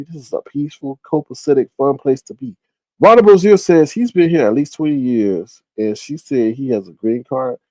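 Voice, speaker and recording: A man's voice: fairly high pitch, a little mellow, dry recording. A man hosting a casual livestream, chatting animatedly and reading viewer comments aloud. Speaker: livestream host. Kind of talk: casual live-stream commentary.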